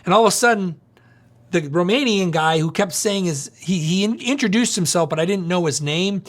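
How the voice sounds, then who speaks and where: A male pastor preaching through a story in an animated, conversational way, often asking the audience questions. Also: sits high, normal speed. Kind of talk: storytelling sermon.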